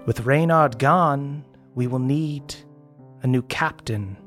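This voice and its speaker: A man's voice: medium pitch, slow, a bit bright, soft background music. A man voicing an ageless female sorceress who talks in a silky, persuasive way. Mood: coaxing.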